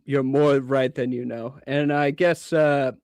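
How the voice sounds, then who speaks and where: A man calling in to a show, joking in a deadpan, profane ramble. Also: medium pitch, measured pace, no room sound, studio quality. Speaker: caller. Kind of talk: joking call-in.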